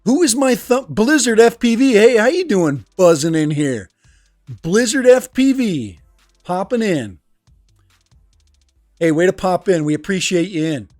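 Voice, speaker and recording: A man's voice: sits high, animated, measured pace, long pauses, darkish tone, no echo. Guy running a home livestream, chatty, laughs a lot, dry close mic, little beat in the back. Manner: rambling, laughs often, talks to chat. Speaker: livestream host and teacher. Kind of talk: casual livestream chat reading comments. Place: home room. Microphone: desk microphone. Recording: dry close sound with music behind.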